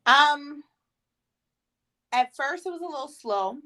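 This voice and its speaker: A woman's voice: sits high, slow. Woman, podcast co-host, casual chat, rambling with many fillers. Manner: rambling, many ums, lively quoting.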